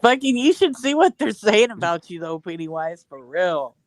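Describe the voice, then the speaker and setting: A woman's voice: medium pitch, sing-song, moderate pace, no room sound. A woman in a casual group chat, teasing the others and swearing. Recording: clear background noise with clicks.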